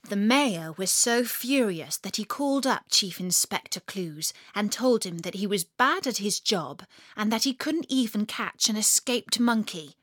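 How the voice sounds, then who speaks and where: A woman narrating a children's story in a lively, expressive way, slowing for emphasis. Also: medium pitch, no room sound, studio quality.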